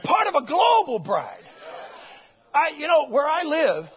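A man preaching a sermon to his congregation, swinging between loud exclamations and quiet, low passages. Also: a little slow. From United States. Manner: animated preaching, swings between shouting and hushed. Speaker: pastor. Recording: dull lo-fi recording.

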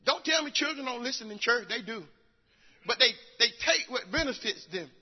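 Older man preaching, high lively voice, folksy storyteller, muffled echoey church recording. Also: normal speed, breathy edge. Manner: folksy storytelling with acted quotes, rising to shouts. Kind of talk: sermon.

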